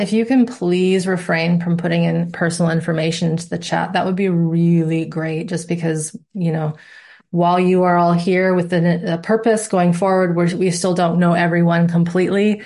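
A woman's voice: fairly low pitch, steady tone, moderate pace, darkish tone. A woman instructor talking to her students in a live online class, with a playful, reassuring manner. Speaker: course instructor.

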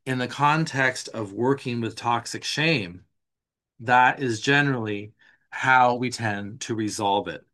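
A man leads a live online teaching session in an easy, unscripted way. He talks a worksheet through line by line, with plenty of "like", restarts and self-corrections. His voice sits at an ordinary middle pitch. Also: unhurried, pushed and bright. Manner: conversational, loose, with frequent "like" and restarts.

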